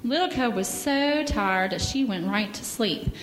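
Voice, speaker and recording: Gentle woman reading children's story in church. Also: mid-range voice, unhurried, a little hiss or hum. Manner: gentle, animated, asks children questions. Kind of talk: reading a picture book to children. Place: church sanctuary. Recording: echoey hall with faint ambience.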